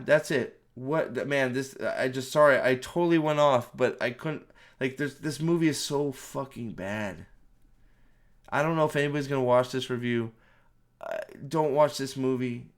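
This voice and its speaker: A man giving a ranting spoiler review of a movie, sarcastic and exasperated, full of swearing, rambling and restarting his sentences. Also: mid-range voice.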